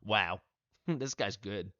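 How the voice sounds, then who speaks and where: A man's voice: on the low side, takes it slowly, bright, forceful tone, no room sound, highs cut off. A man in casual livestream chat while playing a game, rambling and playful, full of fillers. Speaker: streamer playing a mobile game.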